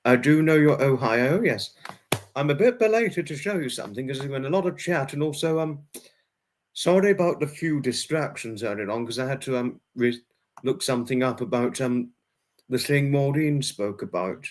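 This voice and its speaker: Man, livestream host, casual chat, repetitive, many fillers and restarts, middle pitch. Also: animated, normal speed.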